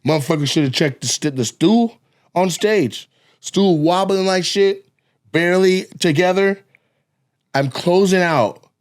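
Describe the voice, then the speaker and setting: A man co-hosting a podcast, telling a profane, animated story and acting out scenes with sound effects. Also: sits high, unhurried. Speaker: podcast co-host, comedian. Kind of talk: casual storytelling chat.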